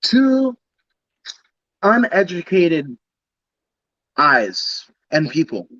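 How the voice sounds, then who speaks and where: Male podcast co-host, high voice, unhurried, dull lo-fi audio. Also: no room sound. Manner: animated storyteller, acts out bits. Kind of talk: casual chat. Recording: dull lo-fi sound.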